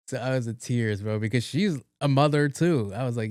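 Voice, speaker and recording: A man's voice: medium pitch, fairly quick, hardly any pauses, a little mellow, dry recording. Podcast host, male, loose profane storyteller, dry close sound. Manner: casual, profane, acts out the voices in his stories. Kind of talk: casual storytelling.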